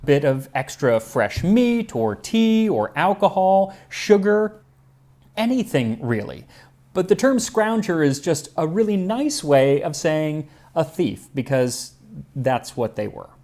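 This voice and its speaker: A man's voice: a little high, sing-song, takes it slowly, a little mellow. A man hosting a cooking history show, giving scripted narration with dry humor and tasting the food.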